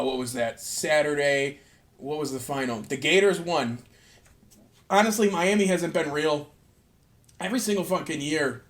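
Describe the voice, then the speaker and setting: A young man hosting his own podcast alone, rambling loosely and swearing freely in a casual rant. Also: fairly high pitch. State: tired from cleaning. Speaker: podcast host.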